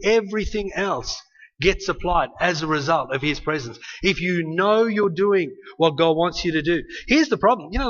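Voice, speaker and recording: Bright-voiced male preacher, lo-fi sound. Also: high-pitched. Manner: conversational, animated preaching with tag questions. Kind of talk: sermon.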